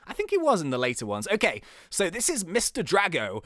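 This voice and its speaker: Young guy gaming commentary, super up-and-down voice, excitable, keeps laughing. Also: high-pitched, dry recording, clean studio sound. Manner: chatty, quick to laugh, exclaims at the game. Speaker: gaming channel host. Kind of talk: excitable let's-play commentary.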